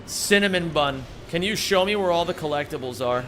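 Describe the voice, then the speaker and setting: A man's voice: on the high side, lively intonation, brisk, a bit bright, a little hiss or hum. Profane young man rambling on stream. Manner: rambling, profane, jokey storytelling with put-on voices. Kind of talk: casual livestream chat. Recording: faint music behind.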